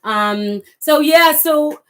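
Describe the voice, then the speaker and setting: A middle-aged woman speaks very slowly in a high-pitched, fairly bright voice while hosting a casual livestream. She addresses viewers passionately and reads their comments aloud.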